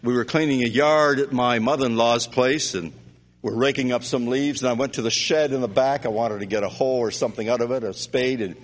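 A middle-aged man from Canada preaching a sermon, loud and animated, mixing stories with scripture. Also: mid-range voice, brisk. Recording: long reverb of a hall.

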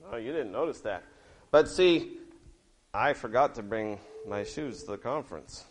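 A middle-aged man giving a lively children's sermon, telling stories with big swings between loud and soft. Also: a little slow, slight background noise. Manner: lively, expressive storytelling with big swings in pitch and loudness. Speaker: preacher.

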